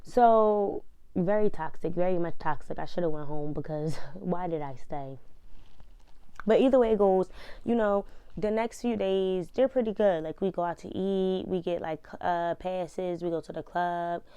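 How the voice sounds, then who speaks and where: A woman, casually telling a personal story in an animated, fired-up way full of slang. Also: lowish voice, unhurried, clear, resonant tone, no room sound, highs cut off.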